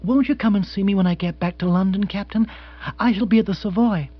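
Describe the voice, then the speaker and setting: A man's voice: sits high, fairly quick, breathy edge, muffled recording, voice pushed up. A man reading an audiobook, voicing a wealthy American widow who talks in a gushing, earnest, genteel way.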